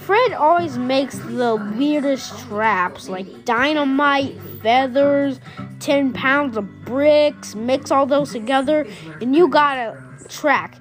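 A woman's voice: high voice, slow pace. A woman casually retelling a cartoon episode she made up, rambling and correcting herself, with exasperated asides. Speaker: storyteller. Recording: music playing underneath.

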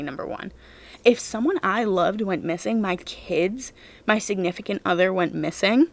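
A woman hosting a podcast, retelling a true-crime case in casual, blunt talk full of fillers and exasperated outbursts. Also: on the high side. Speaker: podcast host.

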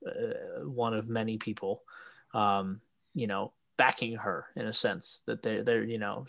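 A man's voice: fairly low pitch, creaky, fairly bright tone. A man co-hosting a casual recap chat, rambling and repeating words as he works through his ideas. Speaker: podcast co-host.

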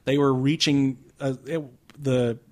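A man's voice: mid-range voice, fairly even intonation, measured pace, darkish tone. A man hosting a casual movie review podcast, loose and joking, laughing often. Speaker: podcast host. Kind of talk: casual chat.

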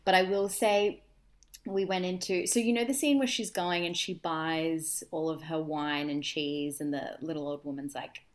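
An Australian woman in her thirties hosting a podcast, telling travel stories in casual chat with deadpan asides. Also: low-pitched, normal speed. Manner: chatty storyteller with deadpan asides. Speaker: podcast host.

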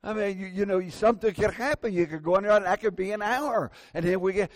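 A man's voice: sits high, fast, hardly any pauses, no echo. An older man preaching a sermon, telling folksy, self-deprecating stories from everyday life.

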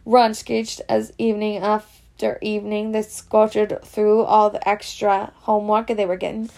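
A woman's voice: medium pitch, level tone, moderate pace, gravelly, a little mellow. A woman reading a children's novel aloud, slipping in Scots words. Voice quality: reads in a Scots voice, slips into dialect words. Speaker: reader.

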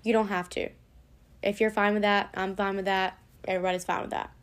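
A woman's voice: medium pitch, level tone, brisk, clean tone. A young woman vlogging in a casual, rambling way, swearing now and then as she chats. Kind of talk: casual chat to camera.

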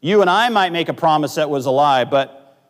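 Pastor preaching in a reverberant hall. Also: male voice, a little high, lively intonation, fairly quick. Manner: dynamic, swings between loud emphasis and quiet asides. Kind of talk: sermon. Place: church sanctuary. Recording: long church hall reverb.

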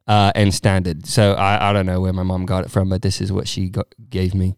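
A young man from Arizona chatting casually, laughing a lot between impressions. His voice is smooth and clear, recorded close and dry. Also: low voice, level tone, brisk, hardly any pauses, a little mellow, dry recording. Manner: laughs often, puts on playful accent impressions. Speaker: guest chatting about accents. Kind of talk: casual chat.

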